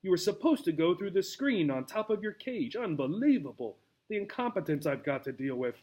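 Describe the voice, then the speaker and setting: A man voicing an excitable, bossy male tarantula, shouting in exasperation. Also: high voice, brisk. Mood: exasperated.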